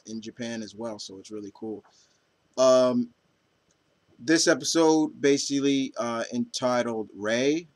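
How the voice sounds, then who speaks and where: A man's voice: medium pitch, no echo. Hesitant, enthusiastic male anime vlogger. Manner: hesitant, many ums and restarts; enthusiastic fan. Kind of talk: casual chat.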